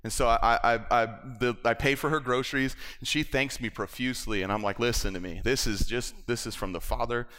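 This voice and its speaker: A man's voice: medium pitch, steady tone, a little fast, few pauses, sharp tone. A man preaching, telling a personal story with acted-out quotes and laughter. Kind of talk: sermon storytelling. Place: church.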